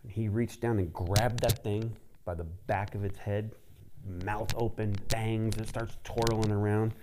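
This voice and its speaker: A man preaching, telling a story in a casual, animated way with lots of fillers. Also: fairly low pitch, unhurried, background noise. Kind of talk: sermon storytelling.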